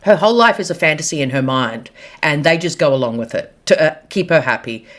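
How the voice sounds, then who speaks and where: Woman, low-ish voice, opinionated gossip vlogger, casual and blunt, laughs easily. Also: a little fast. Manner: blunt, animated, laughs at own jokes, slangy. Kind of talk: casual opinionated monologue to camera.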